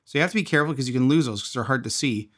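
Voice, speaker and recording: A man's voice: medium pitch, rapid-fire, a bit bright. Chatty man taking apart a gadget. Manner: chatty, thinks aloud while tinkering. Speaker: fidget toy reviewer. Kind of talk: casual product teardown.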